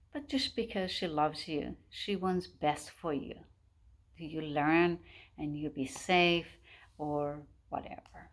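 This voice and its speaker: A woman teacher reading a picture book aloud to young children, gentle and slow, with asides to them. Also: fairly low pitch. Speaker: preschool teacher.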